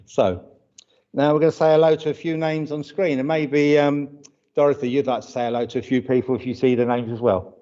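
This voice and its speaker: A British man leads a church livestream, chatting and greeting viewers by name. His warm, mid-range voice has fairly even intonation and a fairly quick pace. Hay fever gives him a runny nose, and the livestream audio is dull and lo-fi.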